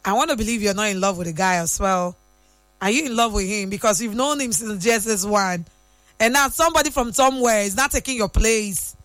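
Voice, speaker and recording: A woman's voice: mid-range voice, fairly quick, a bit bright, dry recording. A young woman with a Nigerian accent, hosting a casual talk show, chatty and teasing with bits of Pidgin slang and frequent laughter. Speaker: radio host. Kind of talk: casual chat.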